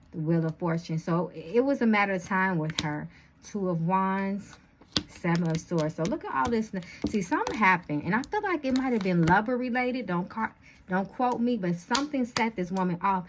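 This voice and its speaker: A woman talks through a tarot spread in a loose, chatty way, calling her viewers y'all as she thinks aloud. Her voice sits on the low side and has a slight lisp from retainers. A faint hiss of background noise runs under the recording. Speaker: tarot reader. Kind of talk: casual tarot reading monologue.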